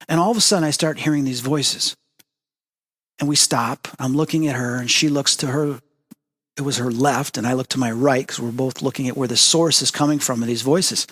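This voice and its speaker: A man hosting a spiritual talk show, telling a personal story and acting out the dialogue with big jumps in voice. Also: long reverb tail. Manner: animated storytelling, acts out quoted dialogue with big pitch jumps. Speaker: host. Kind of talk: storytelling monologue.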